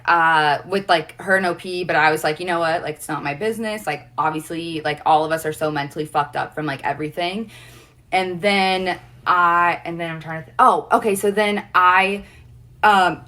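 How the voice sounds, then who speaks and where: A woman's voice: low-pitched, pushed and bright. A young woman livestreaming, telling an emotional personal story in a rambling way, saying "like" constantly. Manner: rambling, heavy use of "like".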